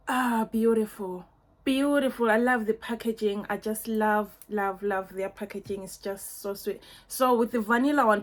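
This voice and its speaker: Young woman gushing over a perfume, slow and a bit high, lots of likes and oh my gods. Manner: gushing, effusive, lots of fillers and repeats. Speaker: beauty vlogger. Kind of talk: casual perfume unboxing review.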